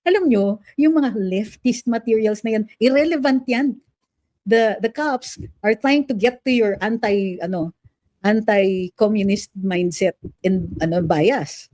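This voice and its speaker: A middle-aged Filipino woman lawyer from the Philippines offers opinionated political commentary, switching between Filipino and English with a Filipino accent. Her mid-range voice is warm and a little slow, in a dry recording.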